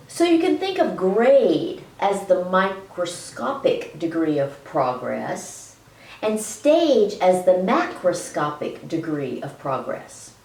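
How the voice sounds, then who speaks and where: A woman's voice: mid-range voice, a little mellow, reverberant, distant mic, poor audio. A woman presenting an educational video lecture in a chatty way, laughing between points and stretching words for emphasis. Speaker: health educator.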